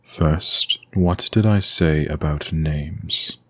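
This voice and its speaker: A man voicing a cold, commanding male vampire lord with a deep, low voice in an audio story. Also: drawn-out words, fairly bright tone, no echo, clean studio sound, exaggerated voice. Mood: imperious.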